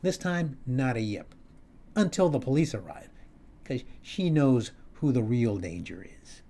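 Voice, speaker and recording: A male comedian telling a wry story at home in a halting, restarting way. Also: mid-range voice, lively intonation, gravelly, mellow. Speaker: comedian and host. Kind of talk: storytelling monologue. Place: his home, upstairs.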